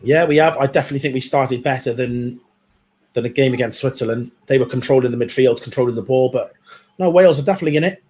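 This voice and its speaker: A man's voice: mid-range voice, fast talker, a little mellow. A man co-hosting a football watchalong, easygoing and agreeable, with some teasing banter. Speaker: watchalong co-host.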